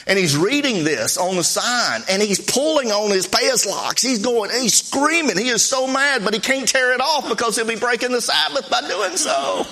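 A middle-aged man preaching in a folksy, storytelling way, acting out bits of dialogue as he recounts his missionary outings. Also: high voice. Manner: folksy, animated anecdotal preaching with acted-out dialogue. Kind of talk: sermon storytelling.

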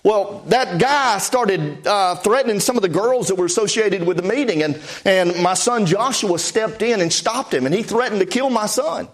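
A man's voice: high voice, lively intonation, normal speed, hardly any pauses. A man preaching, telling a testimony story in a folksy way with many "I said" asides. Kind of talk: storytelling sermon.

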